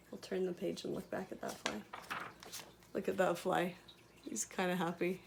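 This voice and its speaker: A woman reading a picture book aloud to preschool children, animated and chatty. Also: fairly low pitch, moderate pace, creaky, pauses often, noisy background. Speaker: preschool story reader.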